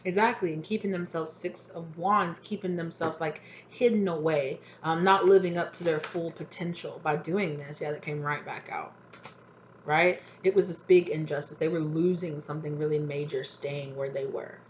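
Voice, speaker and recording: A woman's voice: low voice, steady tone, normal speed, slight background noise. A woman giving a casual, rambling tarot reading at home, full of fillers. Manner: chatty, rambling, many fillers. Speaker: tarot reader.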